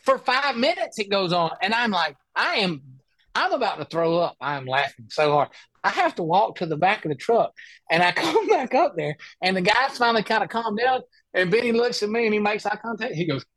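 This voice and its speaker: A man telling a funny story in an animated way as a guest on a casual chat, speaking over a video call. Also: high voice. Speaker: guest, professional golfer.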